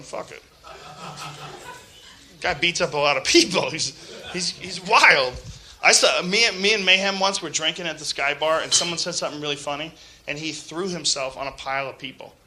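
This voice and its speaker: A man's voice: on the high side, bright, forceful tone. A man hosting a podcast in a casual, profane comedic rant, laughing and mocking other people's voices. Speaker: podcast host.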